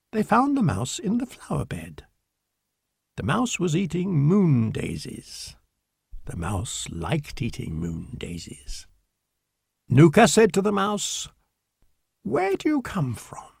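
A man reading a children's storybook aloud in a slow, clear, deliberate manner. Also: a little high, a little mellow, no echo, clean studio sound. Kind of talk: storybook narration.

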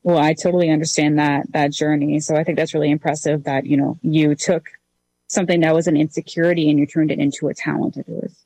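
A woman with a very low, warm voice conducts a casual interview. She asks questions and encourages her guest often. The recording is dry and close. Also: level tone, fast, no echo. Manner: encouraging, with frequent affirmations.

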